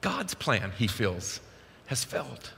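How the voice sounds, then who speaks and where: A male pastor preaching a sermon in a church, telling the Bible story in a lively way. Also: medium pitch, slow pace, gravelly. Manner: animated storytelling, acts out Bible quotes. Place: church sanctuary. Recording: long reverb of a large church hall.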